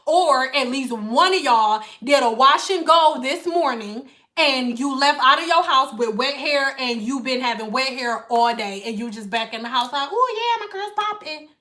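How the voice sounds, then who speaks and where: A woman hair stylist chatting casually to live viewers, animated and blunt, swearing freely and slipping into playful put-on voices. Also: high-pitched, normal speed.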